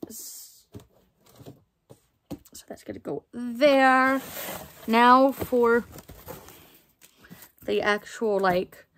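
A young woman chatting casually as she unboxes items for her book vlog, excitable and full of fillers. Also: a little high, drawn-out words, long pauses, a little hiss or hum. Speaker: book vlogger.

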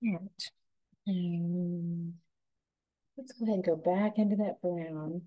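A woman giving a gentle, unhurried step-by-step painting lesson as the instructor. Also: fairly low pitch, steady tone, dull audio.

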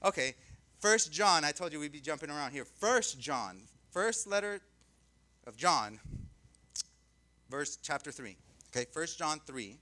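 A man's voice: a little high, animated, measured pace, long pauses, sharp tone. A male pastor preaching a conversational sermon, often asking the congregation questions and drawing out key words for emphasis.

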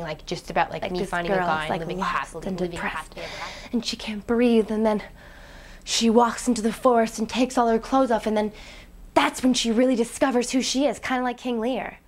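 A woman, playing a naive young aspiring actress who rambles with "like" fillers, swinging between hushed whispers and excited outbursts in a comedic web series monologue. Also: mid-range voice, lightly acted. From Canada. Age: 20s. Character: ditzy, daydreaming young woman, dreamy and naive.

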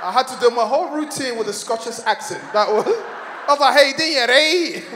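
A man's voice: very high voice, a little fast, fairly bright tone, a little hiss or hum. A man performing a stand-up comedy set, telling stories with laughter and putting on voices. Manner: storytelling with laughs and put-on voices. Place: large hall on stage. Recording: echoey hall with long reverb.

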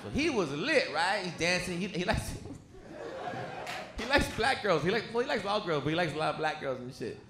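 A man doing a crude, animated stand-up comedy set on a club stage, slipping into put-on voices as he tells stories. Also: sits high, normal speed. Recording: echoey club with noisy crowd. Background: audience laughter.

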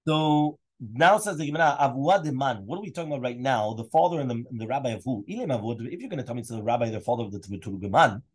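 Male rabbi teaching a daily Talmud class, rapid delivery, mid pitch, peppers his English with Hebrew and Aramaic terms and quizzes his students. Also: expressive, husky. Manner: asks students questions. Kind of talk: Daf Yomi Talmud class.

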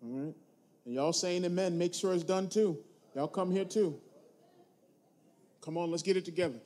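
A man preaching a sermon to his congregation, using call-and-response and moving between quiet asides and loud, emphatic points. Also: high voice, normal speed. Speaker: pastor.

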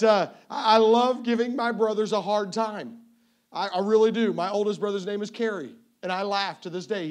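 Evangelist, male, 50s: high voice, playful self-mocking pulpit storyteller. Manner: playful, self-mocking storyteller who often repeats his first word. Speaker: evangelist preacher. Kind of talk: sermon with humorous family stories.

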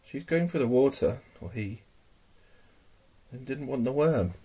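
A man's voice: medium pitch, lively intonation, unhurried, warm tone, breathy edge. A man casually showing his pet tarantulas at home, hesitant and full of ums, murmuring fondly to his pets. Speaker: tarantula keeper. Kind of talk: casual hobby video.

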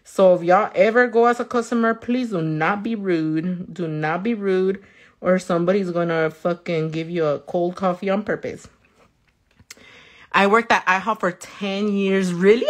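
A woman nail artist tells stories casually as she works, reading viewer comments and swearing a lot, which she slips into now and then. Her voice is fairly low at a normal speed, and her manner is loose and chatty.

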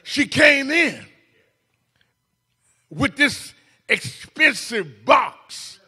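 A male preacher with a very high, bright voice and a husky edge delivers a sermon in a church. He shouts in bursts, stumbles over repeated words and keeps calling out to the congregation. His pitch swings widely from line to line. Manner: calls "hello, somebody" to the congregation. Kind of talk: Mother's Day sermon. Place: church sanctuary.

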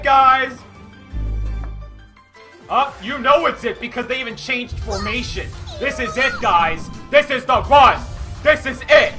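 A man streaming a video game, commentating live and cheering and shouting at the screen. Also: very high-pitched. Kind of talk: excited live gameplay commentary.

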